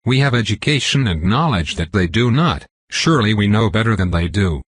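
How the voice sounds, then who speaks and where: A man voicing a calculating young noblewoman student who speaks slowly, in a storybook reading. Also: lowish voice, animated, slightly rough, no echo, studio quality. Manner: slow and calculating.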